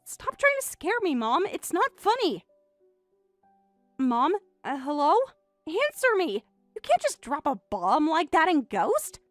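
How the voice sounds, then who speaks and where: A woman's voice: high voice, wildly swooping pitch, slow pace, no room sound, soft background music, exaggerated voice. A woman voicing a bratty young adult daughter who answers with snippy, eye-rolling retorts in a text-message story. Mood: panicked.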